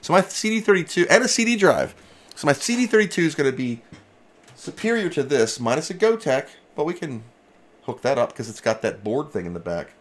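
Livestreaming casually from his home workshop, the host of a retro computer restoration channel opens his mail and chats briskly. He is excitable and loose, his pitch jumping around as he reacts to each package, and he lets slip the odd mild swear.

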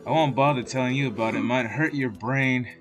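A man's voice: medium pitch, brisk, close to an everyday voice. A man voicing a surly, mocking gas station keeper in a video game, talking with sneering dismissal over game music. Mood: dismissive.

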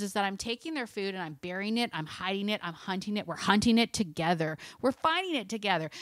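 A woman's voice: medium pitch, no echo, studio quality. A woman dog trainer giving casual, chatty training tips, often laughing as she talks. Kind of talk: casual instructional talk.

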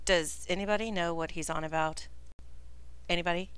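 A woman's voice: lowish voice, fairly even intonation, a little fast, fairly bright tone, smooth, close to an everyday voice. A woman voicing a dry, exasperated lizardfolk chieftess. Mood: puzzled. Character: blunt weary female lizardfolk chieftain.

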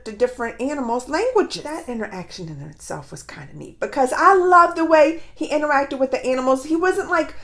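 This is a woman with a high, light voice talking casually to her viewers about a film. She is chatty and laughs easily, and she keeps calling her audience "y'all" in a relaxed, informal way. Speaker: movie reviewer. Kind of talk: casual chat.

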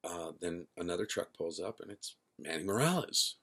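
Gravelly low-voiced man telling a long story. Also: lively intonation, moderate pace, fairly bright tone. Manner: rambling, self-correcting, acts out quoted dialogue. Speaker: band singer and founder. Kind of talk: casual spoken storytelling.

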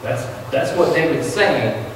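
A man's voice: fairly high pitch, lively intonation, measured pace, a little hiss or hum. A man, preaching an earnest, emphatic sermon from a church pulpit and weaving in personal family stories. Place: church sanctuary. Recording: long church reverb with faint ambience.

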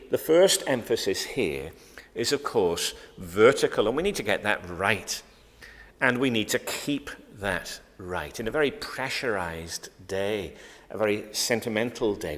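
A man's voice: fairly low pitch, big-room sound. A man with a Northern Irish accent, a pastor giving an earnest, emphatic Bible study talk with frequent ums and restarts. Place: church.

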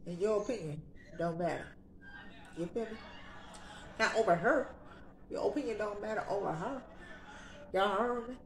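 A woman's voice: mid-range voice, moderate pace, pauses often, roomy sound. A young woman vlogging in casual, sassy, slang-heavy chat.

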